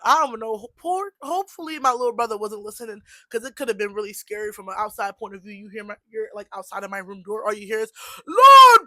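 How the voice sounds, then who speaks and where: A young woman vlogging a personal faith testimony, telling her story in a chatty, animated way with laughs and fillers. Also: on the high side, dry recording. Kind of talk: casual testimony vlog.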